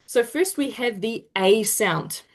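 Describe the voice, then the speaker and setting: A woman's voice: a little high, lively intonation. Kiwi woman teaching vowel sounds over a video call, upbeat and encouraging, drags out the example sounds. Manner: encouraging, drawn-out demonstration sounds. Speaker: te reo Māori workshop presenter. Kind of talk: online teaching session.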